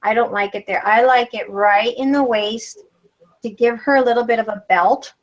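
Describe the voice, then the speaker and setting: A woman's voice: on the high side, steady tone, moderate pace, dull audio. Chatty woman demonstrating a craft. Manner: chatty, step-by-step instructing. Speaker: craft tutorial host.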